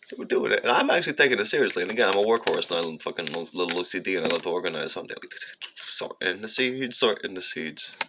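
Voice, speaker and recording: A man's voice: low voice, very fast, few pauses, noisy background. A man telling a rambling personal story in a casual, profane way, sometimes breaking off to talk to his cat. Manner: profane, meandering, animated, talks aside to his cat.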